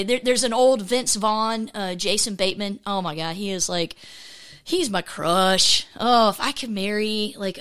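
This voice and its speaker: Woman podcast host. Chatty, animated solo talk with many fillers. Acts out the voices she quotes. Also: medium pitch, smooth. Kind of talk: casual faith podcast monologue.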